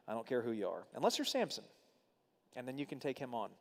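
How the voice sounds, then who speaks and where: In a church hall, a man leads a Bible study, reading scripture aloud and tossing in animated, casual asides to his group. His mid-range voice is fast and creaky, and the recording has a long hall reverb.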